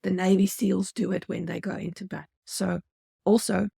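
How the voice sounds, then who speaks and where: A woman's voice: mid-range voice, steady tone, normal speed, vocal fry, mellow, breathy edge, dry recording, studio quality. A woman giving a motivational customer service training talk, earnest and coaching, speaking straight to her viewers.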